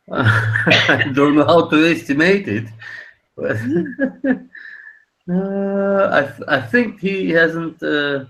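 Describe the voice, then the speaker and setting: A man's voice: fairly high pitch, lively intonation, a bit bright, low-quality recording. Guy on a group call, bouncy up-down voice, keeps restarting his sentences. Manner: halting, stumbles and restarts a lot. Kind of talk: casual group call chat. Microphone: online voice call.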